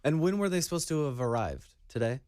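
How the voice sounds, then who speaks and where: A man's voice: on the high side, lively intonation, quick pace, a little mellow, no echo. A man hosting a casual sports chat, who asks lots of questions and teases the others. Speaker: podcast host.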